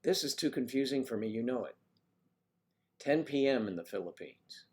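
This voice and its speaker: A man's voice: mid-range voice, animated, moderate pace, a little hiss or hum. A man hosting a casual livestream, rambling and chatting with viewers by name as he reads the chat. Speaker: livestream host reading chat.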